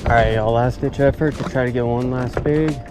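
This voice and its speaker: A man's voice: medium pitch, fairly even intonation, fairly quick, over loud music. A man talking straight to his viewers in a casual fishing vlog while out on a boat on a lake. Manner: chatty, talks straight to viewers, says y'all often. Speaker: fishing vlogger. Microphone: action camera on the boat. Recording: outdoor boat noise. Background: boat and water ambience.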